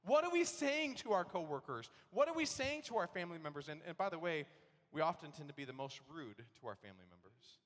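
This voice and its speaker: Pastor with a higher voice in a reverberant church. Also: male voice, fairly quick. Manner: conversational storytelling, bursts into animated acted-out outrage. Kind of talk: sermon. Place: church sanctuary. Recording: long hall reverb in a church.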